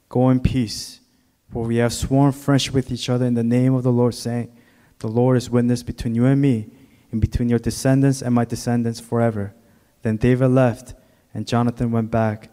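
A male pastor preaching a sermon, moving from hushed, slow reflection to loud, high-pitched preaching. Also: big-room sound.

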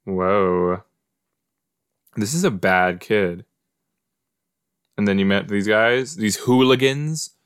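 Man, podcast host, low voice, casual musing reaction talk, dry close sound. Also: takes it slowly, long pauses, smooth, no room sound. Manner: chatty, musing, talks to the screen. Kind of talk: casual reaction commentary while watching a show.

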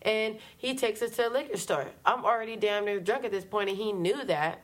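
Speaking a little fast in a mid-range voice, a woman co-host recounts a story in casual chat. She's animated, slangy and profane, performing her own earlier lines.

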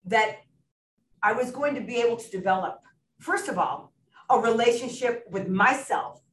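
A woman's voice: a little high, a bit bright, a little hiss or hum. Brief: middle-aged woman, earnest and emotional testimony, far off in a roomy space. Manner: earnest, emotional, laughs often. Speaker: recovery meeting speaker. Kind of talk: personal testimony at a support meeting. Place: meeting room. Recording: echoey room, recorded from far off.

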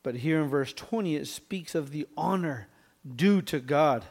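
The speaker is a pastor walking his congregation through a passage verse by verse. His somewhat high voice carries a darkish tone, and he regularly asks a quick "right?" and clears his throat occasionally.

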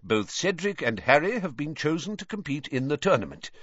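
Brief: man as a wise old wizard, measured, dry close sound. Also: on the high side, breathy edge, dry recording, voice pushed up, heavily acted. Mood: firm. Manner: measured, calm, firm. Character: calm wise old male headmaster. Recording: dull, slightly lo-fi.

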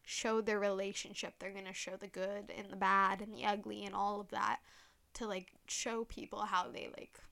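Young female podcast host, mid-pitch, gushy and filler-heavy, casual solo chat. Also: creaky, fairly bright tone. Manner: chatty, gushing, full of "like" fillers; playful, teasing sign-off.

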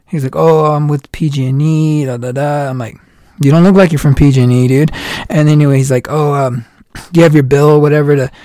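Thirties guy, slightly high voice, dry mic, telling animated stories in casual conversation. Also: no room sound. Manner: animated storyteller, acts out quoted lines. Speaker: guest. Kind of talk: casual chat.

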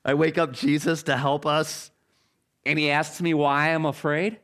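A man preaching a sermon as pastor, telling an animated story with halting restarts. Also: fairly high pitch.

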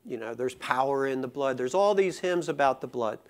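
A man preaching a sermon. He talks casually with many fillers, then builds to slow, impassioned emphasis. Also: mid-range voice. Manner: conversational, rising to impassioned emphasis; many fillers and restarts in the calmer parts. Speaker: pastor.

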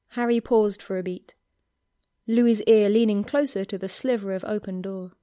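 A woman reading a fan fiction story aloud as narrator in an even, clear telling. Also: mid-range voice, moderate pace, no room sound, clean studio sound.

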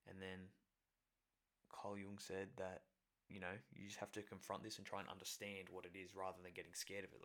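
A man's voice: low voice, a bit bright. A man casually recounting a personal experience, rambling with many fillers and self-corrections. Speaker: storyteller.

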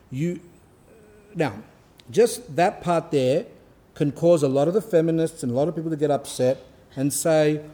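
A man who is a priest, giving an earnest sermon with pauses for emphasis. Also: a little high, mellow. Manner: earnest, pausing to stress points.

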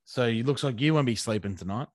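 A man's voice: medium pitch, fast, dry recording. A man, co-hosting a casual podcast chat with crude, rambling, sweary banter. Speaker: podcast co-host.

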